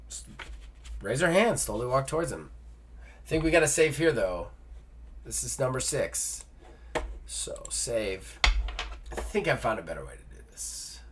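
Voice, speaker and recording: A man with a bright, forward voice reads a gamebook aloud as host of a solo play-through. He breaks off now and then for loose, joking asides. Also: medium pitch, a little hiss or hum. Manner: reads text then jokes in casual asides.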